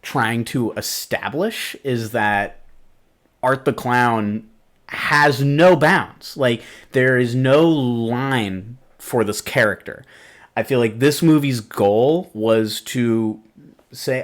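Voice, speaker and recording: A man's voice: medium pitch, slow pace. A man hosting a podcast, rambling through a casual movie review with lots of fillers, laughs and swearing. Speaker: podcast host.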